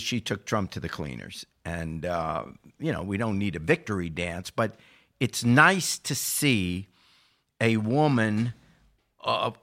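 An older man talking politics on a podcast, his bright, forward voice swinging widely in pitch. He moves from measured remarks into impassioned, indignant outbursts, hammering his points. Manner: impassioned, rising to indignant emphasis. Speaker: podcast regular. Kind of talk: political commentary.

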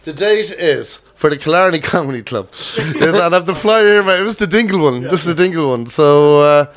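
A man's voice: on the high side, animated, fairly quick. An Irish man co-hosting a comedy podcast, telling rambling stories full of fillers. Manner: rambling anecdotes with many fillers and laughs. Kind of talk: casual chat.

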